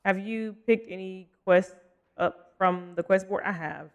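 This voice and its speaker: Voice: mid-range voice, steady tone, a little slow, clean tone, lo-fi sound. A young adult livestreamer chatting casually over gameplay, rambling between games, laughing often and answering chat.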